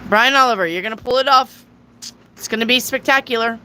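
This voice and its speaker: Blunt tarot-reading woman, bright voice. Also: a little high, fairly quick, a little hiss or hum, rough recording. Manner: blunt, swearing, casual. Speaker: tarot reader. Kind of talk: live tarot reading with chat questions.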